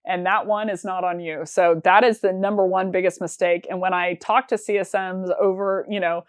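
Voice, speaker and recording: A woman's voice: on the low side, steady tone, dry recording. Candid woman giving sales advice. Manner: brisk, candid, counts off points one by one. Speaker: sales team leader hosting a sales show. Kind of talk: conversational business advice talk.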